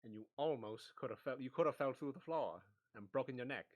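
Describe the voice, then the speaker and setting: A man playing in a tabletop game, talking informally with halting restarts. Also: mid-range voice, background noise. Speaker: player. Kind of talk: tabletop game role-play.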